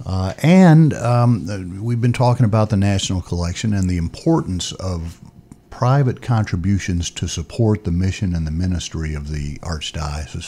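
Male radio host, very deep and husky, conversational questions. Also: warm tone. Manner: conversational, asks questions, makes appeals. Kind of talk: radio interview.

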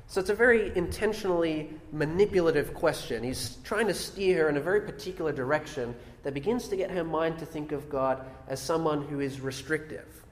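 A man's voice: a little high, fairly quick, hardly any pauses. Preaching man in an echoey hall. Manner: explains verses, reads aloud, rhetorical questions. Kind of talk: sermon on scripture. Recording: echoey hall with long reverb.

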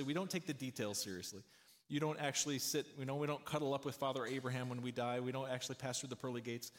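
Male pastor, middle-aged, chatty sermon with jokes, slightly high voice. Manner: conversational, folksy, tells jokes. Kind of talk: sermon with storytelling.

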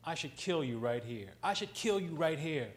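A man voicing an angry woman of about forty who issues threats, in a raised, shrill voice. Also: expressive, normal speed, natural voice. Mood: furious. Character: furious woman around forty, issuing threats.

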